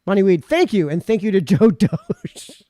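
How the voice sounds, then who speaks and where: A talkative man with a fairly high voice hosts a live stream, reading viewer comments aloud and rambling on between them. His throat sounds sore after hours of talking, and the sound is close and dry with no room echo. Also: normal speed. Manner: chatty, rambling, animated. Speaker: livestream host.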